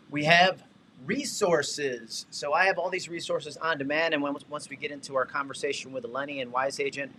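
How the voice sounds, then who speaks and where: A man hosting a casual livestream, walking viewers through real estate tech tools with energetic, chatty asides. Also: medium pitch, a little hiss or hum. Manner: energetic, talkative, shout-outs and asides.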